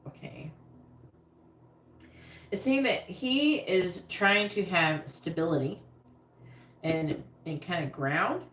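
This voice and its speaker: Woman psychic on a live stream, lowish voice, chatty and meandering, roomy echo with faint hiss. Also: slow, fairly bright tone. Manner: chatty, rambling, talks directly to viewers. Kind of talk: live-stream tarot reading.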